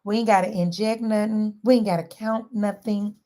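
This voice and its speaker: A woman talking straight to her viewers in a lively, sermon-like way, mixing casual slang and laughter into faith-based wellness advice. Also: mid-range voice, moderate pace. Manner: animated, sermon-like, southern-inflected slang with frequent laughs. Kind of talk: lively preachy direct-to-camera talk.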